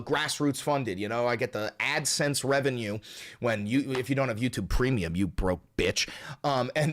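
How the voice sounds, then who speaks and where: A man hosting his own political commentary show, ranting casually and swearing constantly in a blunt, fired-up way. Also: medium pitch. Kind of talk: casual profane political rant.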